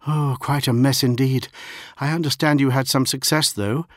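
A man's voice: mid-range voice, steady tone, moderate pace, no echo, pitched above the performer's own voice, lightly acted. A man voicing a tall, older woman officer near the end of her command, who talks in a dry, knowing way, in an audiobook. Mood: wry.

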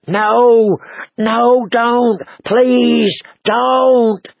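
A man's voice: sits high, animated, slow, gravelly, husky, no room sound, lo-fi sound, voice pushed up, heavily acted. A man voicing a fat, frightened young man caught in a net, sobbing and pleading to be let out. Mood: panicked.

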